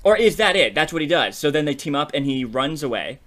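A man co-hosting a podcast, chatting casually as he brainstorms a story. He is animated, laughs often and keeps checking in with "you know what I mean". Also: fairly high pitch, a little fast. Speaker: podcast co-host. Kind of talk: casual creative brainstorming chat.

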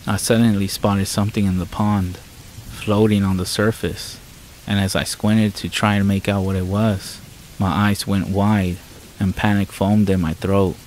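Low, somber male horror narrator. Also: level tone, a little slow, a little mellow, slight background noise, poor audio. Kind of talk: scripted first-person horror narration. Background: faint rain sounds.

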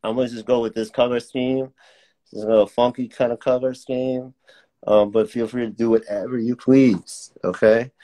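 A man's voice: medium pitch, level tone, normal speed, warm tone. A young man teaching a casual live-streamed drawing class, chatty and laid-back, reading out viewer comments as he draws. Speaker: art teacher.

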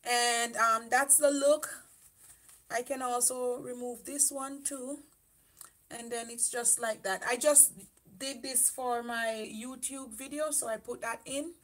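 A woman's voice: on the high side, steady tone, takes it slowly, fairly bright tone. A young woman from Jamaica with a Jamaican accent, chatting casually on a makeup livestream and answering viewer comments. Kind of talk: casual live-stream chat.

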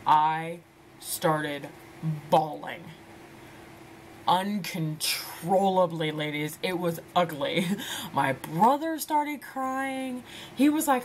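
A woman's voice: medium pitch, expressive, slow, slight background noise. A woman in her twenties chatting casually to camera as a vlogger, rambling and laughing as she addresses her viewers as ladies. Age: 20s.

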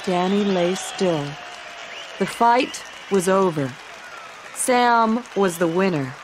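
A woman narrating a storybook for English learners. Her delivery is slow and carefully clear, with a medium pitch and an even reading pace throughout. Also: a crowd in the background, noisy background.

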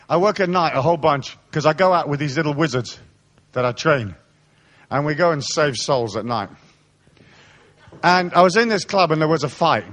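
A man with a somewhat high, very expressive voice holds forth before a live audience. He spins anecdotes with plenty of swearing and mimics the people in them as he goes. His delivery swoops between highs and lows. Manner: animated storyteller, swears freely and acts out quoted voices. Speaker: spiritual seminar speaker. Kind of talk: live motivational talk to an audience. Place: seminar hall.

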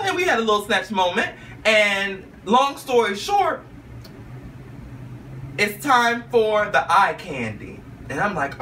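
A man telling a story in a vlog with flamboyant, sassy flair, peppering his talk with "okay?" and "honey" and jumping into high squeals for his own quotes. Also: sing-song, fairly quick, pushed and bright, recorded from a distance, slight background noise. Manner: jumps into high squeals when quoting himself. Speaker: vlogger recounting a talk show visit.

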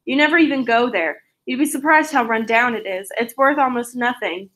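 A woman reading aloud the lines of a bitter, resentful middle-aged aunt in a sharp, accusing way. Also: on the high side, fairly quick, natural voice.

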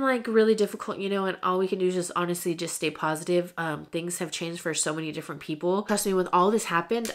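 A young woman vlogging straight to her viewers in a candid, chatty way, full of fillers. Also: lowish voice. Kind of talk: casual talk to camera.

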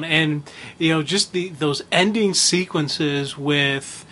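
A man's voice: a little high, a little slow, a bit bright. A man talking casually on a podcast, earnest and self-deprecating.

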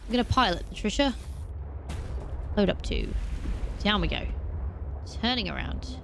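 A woman playing a video game, talking to herself in an animated way and breaking into startled exclamations. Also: medium pitch, moderate pace, vocal fry, slight background noise. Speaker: let's play host. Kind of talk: gaming commentary.

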